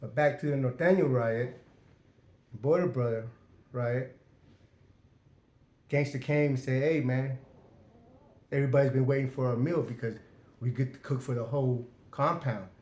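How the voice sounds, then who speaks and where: A man's voice: medium pitch, normal speed, long pauses, darkish tone. A man casually telling a first-person story in a streetwise, profane way, acting out quoted exchanges with a raised voice. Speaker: storyteller recounting prison life. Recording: roomy echo.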